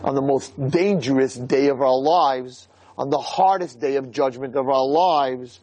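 A man giving a storytelling sermon as a religious lecturer, in a conversational, animated way. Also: mid-range voice, measured pace, highs cut off.

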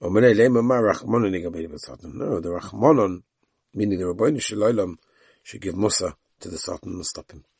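Male Talmud teacher, low husky voice, quick delivery, reads Aramaic and retells the story in English. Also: darkish tone, no echo, clean studio sound. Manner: tells the story with voiced quotes of the characters.

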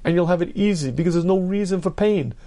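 A man, a rabbi, giving an earnest Torah lecture, stressing points by repetition and clearing his throat often. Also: high voice, quick pace, dark tone. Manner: earnest, emphatic, repeats key phrases.

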